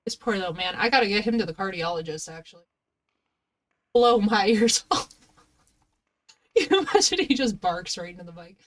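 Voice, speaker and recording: A woman's voice: medium pitch, animated, a little fast, pauses often. A woman streaming a game live, chatting playfully with her viewers and cooing at her dog. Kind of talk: casual live-stream chat. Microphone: headset.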